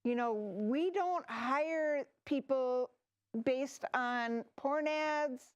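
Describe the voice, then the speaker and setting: A woman's voice: sits high, very slow, clear, resonant tone, muffled recording. An improv performer in a TV studio playing a hesitant female office manager who fills her talk with ums. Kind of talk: improv comedy scene.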